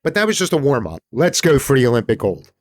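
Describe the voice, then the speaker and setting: A man hosting a podcast, retelling a film in a casual, animated way, swearing freely and acting out the characters' lines. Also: mid-range voice, quick pace. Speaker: podcast host.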